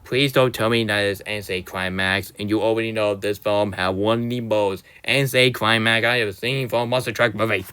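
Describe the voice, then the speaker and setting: A man's voice: lowish voice, fairly even intonation, normal speed, hardly any pauses, bright, forceful tone, clean tone. A young man delivering a rambling, exasperated movie rant in a casual, loose way. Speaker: movie reviewer.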